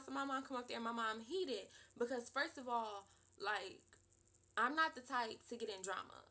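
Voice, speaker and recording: A young woman in her twenties tells a story in a casual vlog, with a bright, forceful tone. She sits a little high in pitch and speaks in an animated, emphatic way, padding her lines with repeated fillers. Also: normal speed. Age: 20s. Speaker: vlogger.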